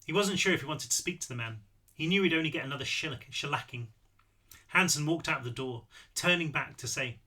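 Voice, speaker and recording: A man reads his novel aloud as narration, expressive and relaxed about small slips he corrects as he goes. His voice is bright and slightly high. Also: fairly quick. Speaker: author reading his novel. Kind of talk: audiobook read-through.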